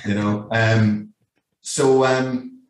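A Scottish man in his fifties, with a low-leaning voice, steady tone and drawn-out words, tells long rambling anecdotes as a guest. He swears freely and keeps saying "you know what I mean" in this casual storytelling, recorded in an echoey room with a distant mic.

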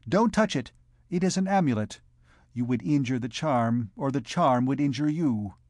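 A man's voice: medium pitch, expressive, no room sound, lightly acted. A man voicing a guarded young gypsy girl who answers tersely, in a storybook reading. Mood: warning. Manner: terse, evasive replies; soft, slow singing.

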